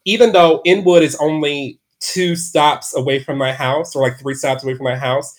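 A man's voice: on the high side, steady tone, normal speed. A man as a podcast guest, telling a candid personal story from his bedroom at home, rambling with many "like" fillers and restarts.

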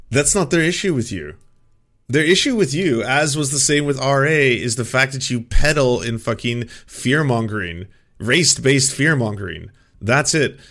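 A man's voice: mid-range voice, animated, a little slow, a bit bright. A man co-hosting a podcast, talking in a blunt, profane, incredulous way. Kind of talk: casual chat.

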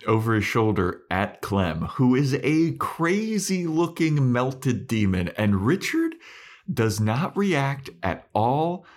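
A man's voice: mid-range voice, sing-song, takes it slowly. A man co-hosting a podcast, recapping a show in loose, casual chat full of "like"s. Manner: loose, swearing, many "like"s. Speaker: podcast co-host.

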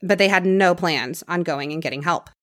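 Speaking at normal speed in a fairly low voice, a podcast host recounts a true crime case in a casual, chatty way. She lowers her voice when the details turn grim, and the studio recording has no echo.

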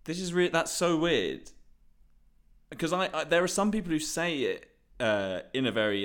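A man co-hosting a casual podcast, explaining his reasoning deliberately. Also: mid-range voice, animated, a bit bright. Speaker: podcast co-host.

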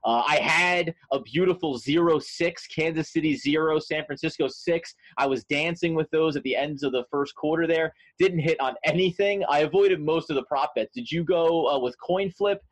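A man's voice: fairly high pitch, moderate pace, few pauses, dry recording. Rambling jokey man, dry sound. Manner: rambling, jokey, many restarts. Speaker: podcast co-host. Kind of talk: casual sports chat.

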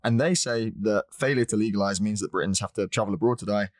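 Man, podcast co-host, lowish voice, hesitant, dry close sound. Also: fast talker, dry recording. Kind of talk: casual podcast chat.

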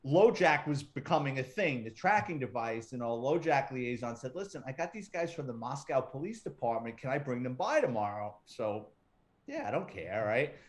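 A man's voice: mid-range voice, very animated, moderate pace. A middle-aged man, a retired police detective, telling stories as an interview guest in a casual, profane, wisecracking way and acting out other people's quotes. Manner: profane, wisecracking storyteller who acts out quotes.

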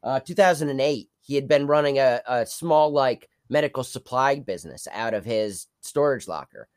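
A man's voice: medium pitch, lively intonation, moderate pace, a little mellow, smooth. A man from New York co-hosting a podcast, speaking bluntly in casual chat and swearing freely. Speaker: podcast co-host.

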